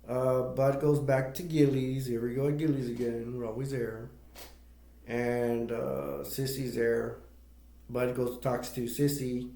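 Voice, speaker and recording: A man walks through a movie's story in a loose, rambling recap, often backing up to fix a detail. His voice has a gravelly edge and stays fairly level in pitch. The sound bounces around an echoey room. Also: flat delivery, warm tone. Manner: rambling, halting retelling with self-corrections. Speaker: movie reviewer. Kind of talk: casual plot recap.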